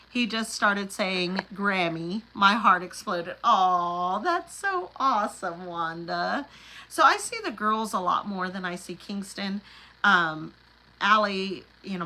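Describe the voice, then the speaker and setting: A woman's voice: mid-range voice, sharp tone, rough recording. A middle-aged woman, chatting casually on a livestream and reading out viewer comments. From Oklahoma Panhandle. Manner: chatty, laughs often, rambling asides. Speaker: livestream host.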